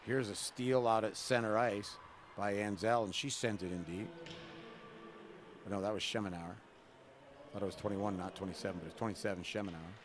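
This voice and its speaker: A man doing relaxed, chatty live play-by-play of a college women's hockey game at a rink. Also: fairly low pitch, moderate pace, pauses often, slight background noise. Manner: relaxed, chatty, jokes with the camera person between plays. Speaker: play-by-play announcer.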